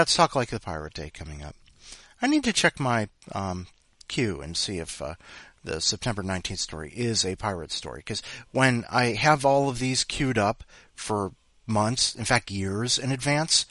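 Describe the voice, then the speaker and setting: A man's voice: lowish voice, very animated, normal speed, bright, forceful tone, no room sound. A man hosting a podcast in a rambling, self-deprecating, jokey chat. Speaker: podcast host.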